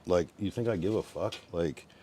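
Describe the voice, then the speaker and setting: A young man streams from a room at home and talks back at his chat in a rambling, profane way. His voice sits extremely low, and he swings between a low mutter and loud taunting. A faint background noise runs under him. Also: moderate pace. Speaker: livestreamer. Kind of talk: casual live-stream chat reacting to viewers.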